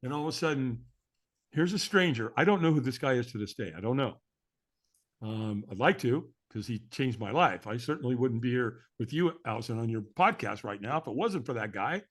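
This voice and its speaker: A man's voice: medium pitch, lively intonation, fairly quick. A middle-aged man, a podcast guest, telling a story with energy and acting out the voices of the people in it. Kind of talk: animated storytelling.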